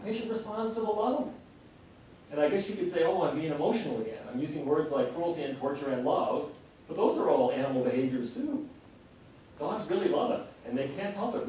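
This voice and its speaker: A middle-aged man gives an earnest public lecture, slowing down and pushing harder on the points he cares about. He is recorded from a distance, so his voice carries plenty of room echo, with a faint hiss underneath. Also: high voice, darkish tone. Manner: earnest, impassioned, varying pace. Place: lecture hall. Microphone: distant room mic. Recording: very echoey hall recording from a distance.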